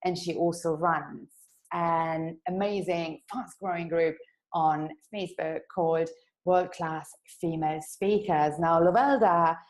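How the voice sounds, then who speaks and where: A woman's voice: fairly low pitch, steady tone, measured pace, poor audio. A woman hosting a casual podcast interview, bubbly and enthusiastic, laughing easily. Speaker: podcast host.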